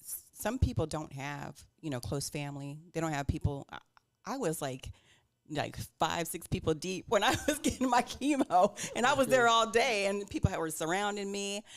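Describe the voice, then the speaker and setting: A woman's voice: low voice, no room sound. A woman guest on a talk show, speaking in a matter-of-fact way and laughing easily. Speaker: guest, cancer survivor advocate.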